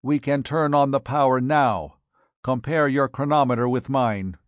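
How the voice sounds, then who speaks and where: A man voicing a calm, commanding male alien survivor who gives precise instructions. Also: medium pitch, unhurried, dry recording, voice pushed up, natural voice. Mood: instructive.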